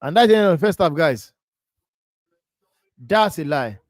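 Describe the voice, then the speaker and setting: A man's voice: fairly high pitch, animated, a little slow, no echo, clean studio sound. Ranting, incredulous football host man. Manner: incredulous, ranting, repeats himself. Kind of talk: live football watch-along chat.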